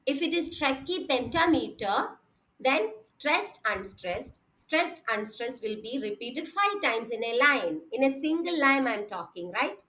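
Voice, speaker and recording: A woman's voice: sits high, very animated, measured pace, pushed and bright, poor audio. A woman giving an online lecture, explaining step by step, repeating points and checking in with her students.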